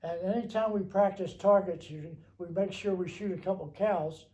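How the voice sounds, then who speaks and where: An older man recounting memories, rambling and halting with many restarts. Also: high-pitched, dark tone, low-quality recording. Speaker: veteran interviewee.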